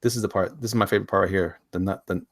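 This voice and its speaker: Husky-voiced male host, casual chat. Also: low voice, steady tone, rapid-fire, no room sound, clean studio sound. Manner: laughs often, repeats and restarts phrases. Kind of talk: casual chat reviewing crowdfunded comics.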